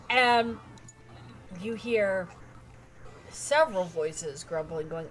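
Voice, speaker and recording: A woman's voice: medium pitch, slow pace, long pauses, fairly bright tone, slight background noise. A woman narrating a tabletop role-playing game as game master, telling scenes vividly.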